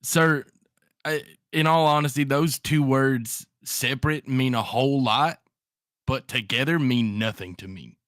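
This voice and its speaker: Halting man in his thirties, dry sound. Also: medium pitch, a bit bright, dry recording. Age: 30s. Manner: halting, flustered in-character replies. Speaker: player. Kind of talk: tabletop game play.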